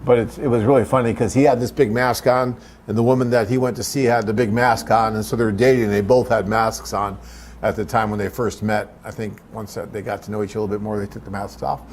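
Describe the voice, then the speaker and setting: A man's voice: fairly low pitch, little pitch movement, fast, a little hiss or hum. A middle-aged man hosting a live webcast, chatting casually and reading viewer questions, rambling with fillers and restarts. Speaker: host of a live web cast for a dating agency.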